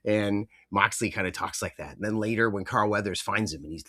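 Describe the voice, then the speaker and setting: A young man co-hosts a casual podcast, rambling through his points with plenty of fillers and the odd curse. His voice sits on the low side. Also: a little fast, bright, forceful tone. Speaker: podcast co-host. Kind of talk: casual chat.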